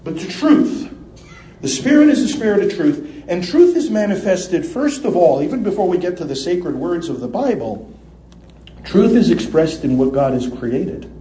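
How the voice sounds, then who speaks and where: Impassioned male preacher from the US, high voice, roomy echo, loud peaks and quiet asides. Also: big pitch swings, normal speed, slight background noise. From United States. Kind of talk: sermon.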